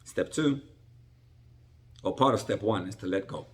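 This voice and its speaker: A man's voice: fairly low pitch, unhurried. A middle-aged man, a rabbi, giving a conversational sermon-style Torah class, often restarting his phrases and acting out little dialogues. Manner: conversational, repetitive restarts, acts out salesman dialogue.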